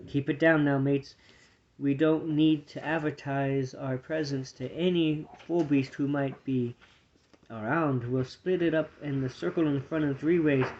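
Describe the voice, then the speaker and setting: A man voicing a steady male warrior squirrel who leads with calm, plain commands, reading a storybook aloud. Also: fairly high pitch, unhurried, lo-fi sound, close to an everyday voice.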